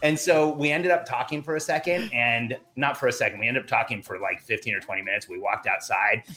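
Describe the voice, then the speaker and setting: A middle-aged man telling a long personal story in a conversation, animated and acting out the dialogue. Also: mid-range voice, a little fast. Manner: animated, acts out quoted dialogue. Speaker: podcast guest.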